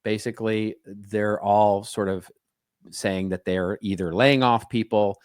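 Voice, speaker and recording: A man's voice: on the low side, fairly even intonation, a little slow, clean tone, no room sound, studio quality. A man co-hosting a podcast in casual chat, wry and skeptical, often stumbling and restarting his words. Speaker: podcast co-host.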